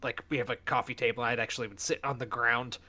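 A man's voice: mid-range voice, fast talker. A man co-hosting a casual chat, telling stories and acting out what others said. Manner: animated storyteller, acts out quoted dialogue. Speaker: podcast co-host.

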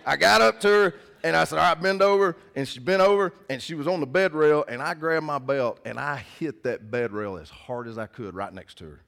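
Animated preacher telling stories. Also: male voice, mid-range voice, a little fast, creaky, hardly any pauses. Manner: animated storyteller, swings between loud and hushed. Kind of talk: sermon with personal stories.

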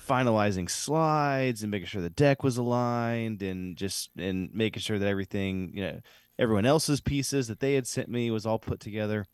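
Low-voiced man telling a rambling story. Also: moderate pace, clear, resonant tone, no room sound, studio quality. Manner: rambling, animated storyteller with frequent fillers. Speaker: podcast co-host. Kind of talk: casual storytelling chat.

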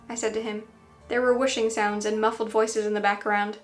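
A woman's voice: mid-range voice, level tone, brisk, soft background music. A woman narrating a first-person story in an earnest, anxious tone.

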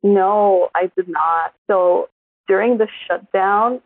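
A woman in her forties co-hosts a casual chat, telling stories in an animated way. Her voice sits low with a gravelly fry. The sound is dry and tinny, like a phone line. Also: takes it slowly, dry recording. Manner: chatty, animated storytelling. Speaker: podcast co-host.

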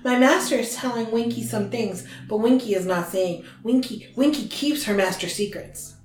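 A woman's voice: a little high, moderate pace, darkish tone, natural voice. A woman voicing a weepy, loyal female house elf in a fretful, scolding manner. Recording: roomy echo.

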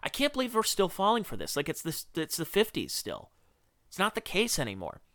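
Male podcast host, slightly high, lively sarcastic ranter, bright edge. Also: brisk, dry recording, clean studio sound. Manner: animated, ranting, sarcastic. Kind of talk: opinionated political commentary.

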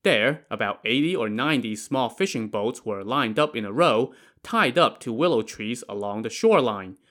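Guy narrating an old story, laid back, cracks little jokes, medium pitch. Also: normal speed. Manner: relaxed with joking asides.

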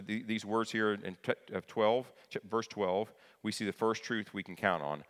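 A man's voice: lowish voice, a bit bright. A man preaching a sermon as pastor, conversational and plain-spoken, often repeating key phrases for emphasis. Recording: long hall reverb.

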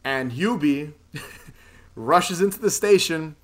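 A man's voice: a little high, expressive, slow, fairly bright tone. A man casually recapping a movie plot in a podcast chat, rambling, swearing freely and laughing often. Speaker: podcast co-host.

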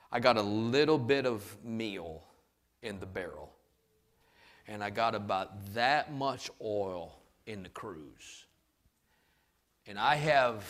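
A weary, poor widow speaks low and quiet, resigned to her lot, as a male preacher puts her on. She talks plainly, in a soft, subdued tone.

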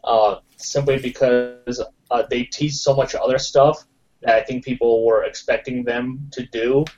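A man at a mid pitch joins a gaming podcast, slow and hesitant with restarts. His audio is muffled and lo-fi. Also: fairly even intonation, a little mellow. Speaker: podcast co-host. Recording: dull lo-fi audio.

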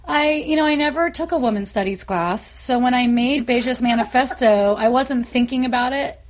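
A woman hosting a podcast, chatting casually and telling lively stories full of quoted voices. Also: a little high, normal speed. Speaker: podcast host. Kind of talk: casual chat.

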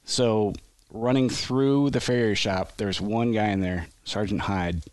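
A man's voice: on the low side, fairly even intonation, unhurried, clean tone, no room sound. A man telling a long army story on a podcast, with casual restarts and frequent laughs. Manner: rambling, self-interrupting storyteller who laughs often. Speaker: podcast guest, army veteran.

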